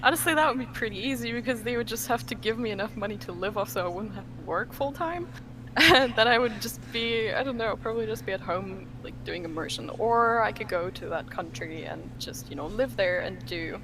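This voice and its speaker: A young German woman appears as a guest on a podcast, chatting casually in an animated way and laughing often. Her mid-range voice moves briskly, packed with fillers and restarts. Background noise is audible.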